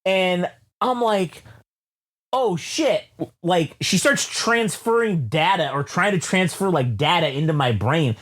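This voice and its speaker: A man co-hosting a casual album review chat, telling a long story with lots of swearing and laughter, jumping into loud high-pitched voices when he quotes himself. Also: expressive, measured pace. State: sweaty. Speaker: podcast co-host reviewing an album.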